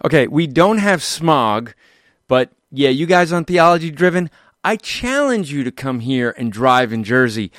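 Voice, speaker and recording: A man's voice: medium pitch, very animated, a little slow, a bit bright, dry recording. Teasing male podcast host, dry sound. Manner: playful, teasing, combative banter. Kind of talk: casual podcast talk.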